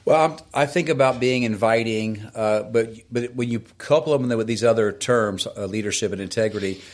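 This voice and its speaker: A man hosting a talk show, asking measured, thoughtful questions. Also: lowish voice. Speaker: host. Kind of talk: casual talk-show conversation.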